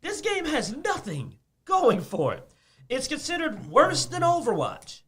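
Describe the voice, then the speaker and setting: A man with a high, bright voice that swings widely in pitch, ranting about games on a casual chat show. He gets animated and laughs often. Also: measured pace, slight background noise. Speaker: podcast co-host.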